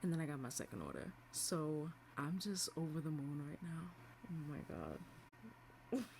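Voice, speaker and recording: Brief: lower-pitched woman, excitable vlog chatter, faint room ambience. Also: brisk, slight background noise. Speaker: beauty and fitness vlogger. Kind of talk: casual vlog diary.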